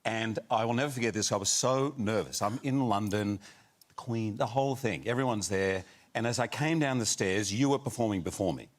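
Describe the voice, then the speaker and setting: Lower-voiced man telling stories. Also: a little fast. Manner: warm storyteller, animated retelling. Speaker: actor guest. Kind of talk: casual chat, anecdote.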